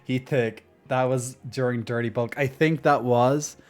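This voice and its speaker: Male streamer, casual chat, cheeky and laughing, mid pitch, faint music behind. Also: steady tone, measured pace. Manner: laughs often, many restarts, joking and cheeky.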